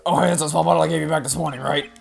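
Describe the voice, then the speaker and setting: A man voicing a jumpy, eager male police detective who talks loudly and stammers. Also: a little high, fairly even intonation, creaky, music in the background, pitched above the performer's own voice. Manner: rushed, loud, stammering.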